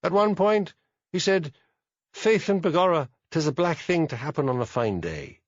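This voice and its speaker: A man's voice: mid-range voice, big pitch swings, unhurried, gravelly, dry recording, highs cut off, heavily acted. A man voicing a proud, stern landowner in his late fifties in an audiobook, speaking in a clipped, haughty way.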